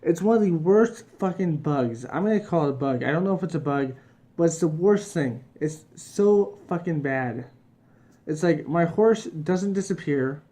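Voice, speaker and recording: A man's voice: a little high, animated, moderate pace, warm tone. A man reviewing a video game in a casual, rambling rant, swearing constantly and restarting his sentences. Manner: heavy swearing, ranting, frustrated.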